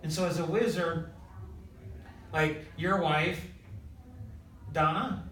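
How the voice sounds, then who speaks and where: High-voiced man telling a story. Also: takes it slowly, far from the mic, a little hiss or hum. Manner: animated, quotes others in short bursts, filler "like". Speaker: host. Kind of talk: casual storytelling chat. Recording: echoey room, voice from afar.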